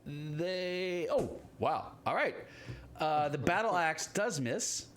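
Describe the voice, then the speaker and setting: A man's voice: a little high, lively intonation, slow pace, a bit bright, a little hiss or hum. A man running a tabletop game as game master, talking with many fillers and restarts.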